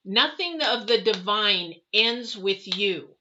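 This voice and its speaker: A woman's voice: medium pitch, expressive, slow, bright, forceful tone, slight background noise. Chatty, emphatic woman tarot reader. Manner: chatty, emphatic, addresses viewers directly. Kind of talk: casual storytelling to viewers. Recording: dull lo-fi audio.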